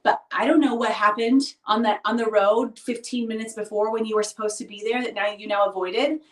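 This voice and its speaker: Woman, thirties, confiding vlog monologue; higher voice, recorded from a distance in an echoey room. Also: steady tone, fairly quick. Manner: earnest, confiding, often asks "right?". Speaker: vlogger. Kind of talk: reflective personal monologue. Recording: roomy echo, distant mic.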